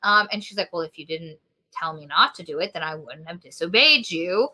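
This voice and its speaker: A woman's voice: on the low side, lively intonation, a little fast, bright, forceful tone. A woman co-hosting a podcast, casually retelling a novel's plot and acting out the characters' lines. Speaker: podcast co-host. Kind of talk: casual book review chat.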